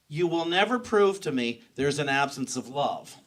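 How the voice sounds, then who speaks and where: A man's voice: fairly high pitch, expressive, moderate pace, hardly any pauses, fairly bright tone. A man giving a sermon as pastor, talking in a personal, conversational way and often restarting his sentences. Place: church sanctuary.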